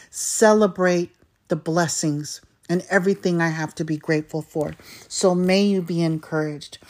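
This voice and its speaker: A middle-aged woman hosting a podcast, talking in a heartfelt, personal way and often saying "you know". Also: on the low side. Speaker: podcast host. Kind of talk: personal reflective talk.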